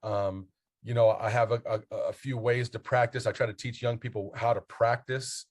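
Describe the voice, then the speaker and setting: A man's voice: medium pitch, flat delivery, normal speed. A man, a basketball coach and mentor, talking as a podcast guest, earnest and motivational as he spells out his acronyms.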